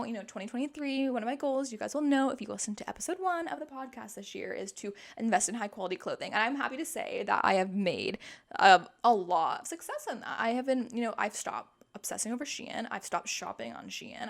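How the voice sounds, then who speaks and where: A woman's voice: on the high side, creaky. A young woman in her twenties hosting a casual self-help podcast, chatty and upbeat with plenty of fillers. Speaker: podcast host.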